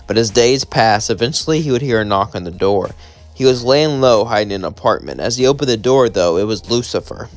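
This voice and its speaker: A young man narrating a fan story and chatting casually as channel host. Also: fairly low pitch. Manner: rambling, casual.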